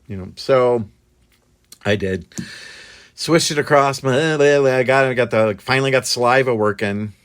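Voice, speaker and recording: A man recounting a strange experience in casual, halting speech full of fillers and restarts. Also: mid-range voice. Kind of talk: casual storytelling.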